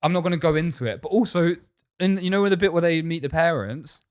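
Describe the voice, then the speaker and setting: A young man co-hosting a podcast in casual chat, animated and blunt, swearing often and filling his speech with "like". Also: on the high side, quick pace. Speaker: podcast co-host.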